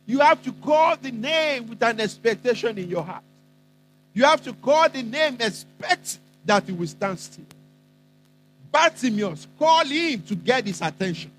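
A man preaching a sermon, emphatic and repetitive, with dramatic pauses between phrases. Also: very high voice, a bit bright, rough recording.

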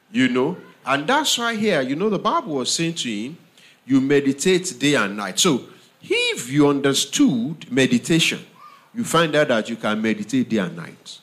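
Here a preacher with a mid-range voice speaks slowly and with emphasis, circling back to the same phrases. Again and again he checks if the congregation understands him.

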